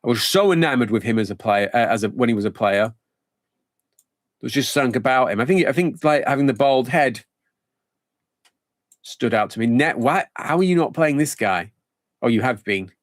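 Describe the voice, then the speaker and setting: A man's voice: mid-range voice, animated, moderate pace, long pauses, no echo, studio quality. Chatty man musing over his game. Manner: rambling, thinking aloud, chatty. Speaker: game streamer. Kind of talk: casual live-stream commentary.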